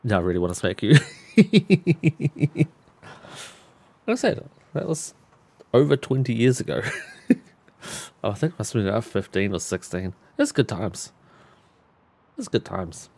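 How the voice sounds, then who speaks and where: A man's voice: mid-range voice, unhurried, vocal fry, long pauses, no room sound. A man in his thirties chatting on a live stream, telling a story with lots of laughter and swearing. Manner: laughs a lot, swears freely, animated storyteller.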